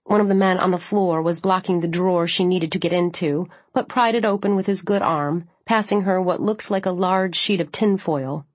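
A woman's voice: lowish voice, normal speed, few pauses, no echo. Woman narrating in a dry, close voice. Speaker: audiobook narrator. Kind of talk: first-person scripted narration.

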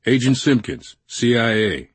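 A man voicing a brisk male government agent who gives short, businesslike instructions in an audiobook. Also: mid-range voice, animated, breathy edge, no room sound, pitched above the performer's own voice.

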